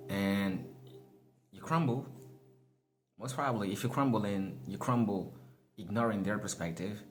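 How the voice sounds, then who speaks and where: A man's voice: lowish voice, unhurried, soft background music. A man giving a casual motivational monologue, laughing often, swearing and calling his listeners y'all. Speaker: motivational speaker.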